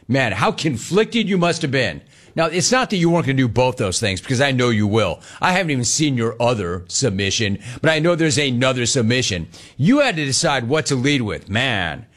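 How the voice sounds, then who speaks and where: A man hosting a sports talk show, chatting casually and reading out listener messages, jumping between quick asides and drawn-out words for emphasis. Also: medium pitch, big pitch swings, a bit bright.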